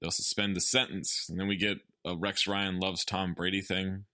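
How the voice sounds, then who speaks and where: A man's voice: deep voice, flat delivery, moderate pace, pushed and bright, dry recording, clean studio sound. A man co-hosting a podcast, casually recapping a film's plot with profanity and laughter. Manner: loose, profane, laughs while summarizing plot. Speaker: podcast co-host recapping a film. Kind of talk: casual chat.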